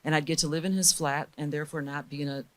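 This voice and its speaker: Woman, middle-aged, low-pitched, interview guest, candid, lively storytelling. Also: quick pace. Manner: lively, candid storytelling, voicing the people she quotes. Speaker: guest recording engineer.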